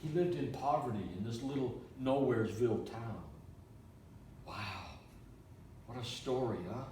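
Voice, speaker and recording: A man from Canada, a preacher telling a story in a sermon with animated, repetitive delivery. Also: mid-range voice, moderate pace, slight background noise. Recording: echoey room, mic from far off.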